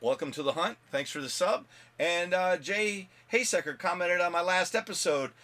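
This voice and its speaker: A man's voice: high voice, normal speed, pushed and bright. A man hosting his own comic book video blog, talking casually and rambling with many fillers. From United States. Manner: rambling, chatty, with fillers and laughs. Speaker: comic book channel host.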